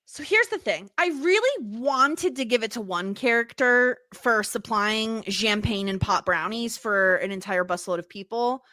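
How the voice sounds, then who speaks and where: A woman co-hosting a casual podcast chat, animated and quick to laugh, often teasing herself. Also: on the high side, no room sound, clean studio sound. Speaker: podcast co-host.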